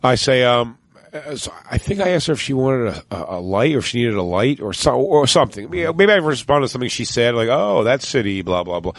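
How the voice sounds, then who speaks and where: Male podcast co-host, casual storyteller, animated and profane, dry close sound, acts out quotes. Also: medium pitch, fairly quick, no echo. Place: cruise ship.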